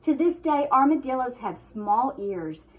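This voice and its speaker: Animated woman teacher reading aloud. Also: high-pitched, measured pace. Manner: expressive storytelling with hushed asides. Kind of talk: children's read-aloud.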